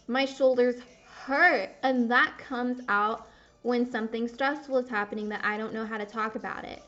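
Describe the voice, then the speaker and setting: A young woman with a fairly high, bright voice and fairly even intonation chats candidly while playing a game for her gaming videos, speaking at normal speed. She rambles and occasionally swears at the game. Soft music plays behind her, and the sound is dull and lo-fi.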